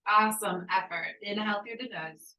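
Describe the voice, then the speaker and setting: A woman yoga instructor guiding a breathwork class with calm, encouraging cues and slow counting. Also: medium pitch, echoey room, distant mic, lo-fi sound. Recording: voice from off the mic.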